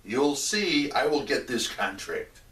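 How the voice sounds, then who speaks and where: A man voicing a scheming, greedy grown man who moans and complains loudly, in a roomy echo from a distant mic. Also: mid-range voice, sing-song, slow. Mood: defiant.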